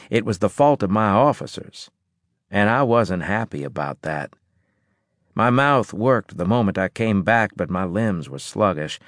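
A male narrator reading a first-person audiobook chapter in a lowish voice with lively pitch. His delivery is dry and measured, and the recording is close and dry with no room sound. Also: dry recording.

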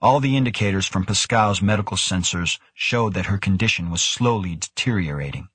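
A man narrates an audiobook from a script, his low, slightly husky voice steady and measured. The sound is dry and close, without any room sound.

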